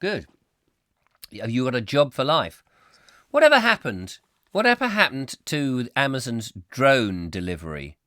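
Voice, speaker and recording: Male host, chatty and rambling, lively pitch. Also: a little slow, dry recording, clean studio sound. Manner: rambling, playful, self-mocking, hums tunes. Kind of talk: live comic chat show, reading viewer comments.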